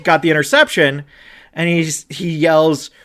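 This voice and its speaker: A man co-hosting a podcast, ranting about football with an animated, swearing delivery that climbs toward near-shouts when he gets upset. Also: a little high, measured pace. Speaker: podcast co-host. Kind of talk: ranting sports chat.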